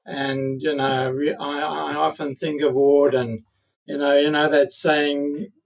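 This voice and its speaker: A man's voice: fairly high pitch, little pitch movement, slow, gravelly, recorded from a distance, low-quality recording. South African man speaking reflectively, off-mic. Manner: reflective, hesitant with many fillers. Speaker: orthodontist guest. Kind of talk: podcast interview.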